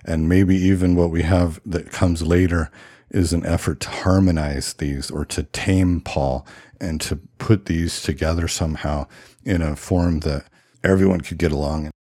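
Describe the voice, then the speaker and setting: A man's voice: low-pitched, steady tone, a little slow, warm tone, no echo. A man talking in a reflective, thoughtful monologue, hedging and musing aloud as he explains ideas. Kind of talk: reflective monologue on religious history.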